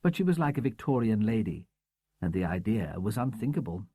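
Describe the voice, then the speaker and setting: A man narrating a crime novel audiobook in a measured, expressive storytelling manner. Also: fairly low pitch, husky, no echo. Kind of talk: scripted narration.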